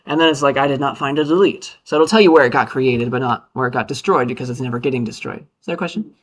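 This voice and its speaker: A man's voice: mid-range voice, very fast. A male university lecturer giving a casual, upbeat classroom lecture with playful asides.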